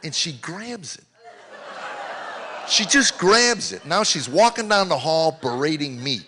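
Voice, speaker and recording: Bright-toned older man doing stand-up. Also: sing-song, measured pace, slight background noise. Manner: storytelling, rambling, swings from low mutters to loud exclamations. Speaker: stand-up comedian. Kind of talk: stand-up comedy set. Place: live comedy venue.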